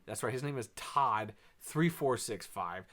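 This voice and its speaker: A man's voice: mid-range voice, lively intonation, measured pace, a bit bright. Rambling, sarcastic male movie reviewer. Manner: rambling, sarcastic, filler-heavy with frequent sighs and laughs. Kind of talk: casual spoken review.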